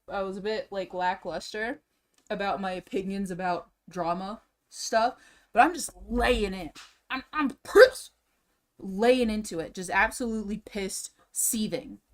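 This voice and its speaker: At normal speed and medium pitch, a young woman streams from a room at home, reacting to drama videos. Her rant is casual, profane, and exasperated, full of repetition.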